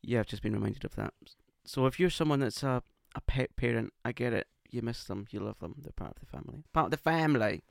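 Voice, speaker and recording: A man's voice: medium pitch, quick pace, vocal fry, hardly any pauses, dry recording, clean studio sound. A man co-hosting a casual podcast, camp and playfully teasing. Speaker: podcast co-host. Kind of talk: casual chat. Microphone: podcast microphone.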